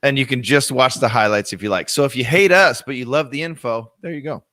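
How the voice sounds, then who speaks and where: Male realtor co-host, bright forward tone, playful banter, dry sound. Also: medium pitch, brisk, no echo. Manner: joking, laughs mid-sentence. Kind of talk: casual live show chat.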